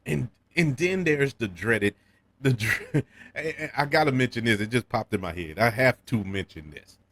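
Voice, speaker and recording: A man with a New Orleans accent talks through a movie review in a loose, conversational way. His pitch swings widely and lively as he goes. He stammers on repeated words and laughs now and then. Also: normal speed, slight background noise. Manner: animated, repeats words when restarting, chuckles often. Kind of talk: casual film review.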